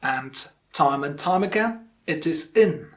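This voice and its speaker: A man teaching an English pronunciation lesson, explaining terms and repeating example phrases slowly and deliberately for emphasis. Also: on the high side, a bit bright.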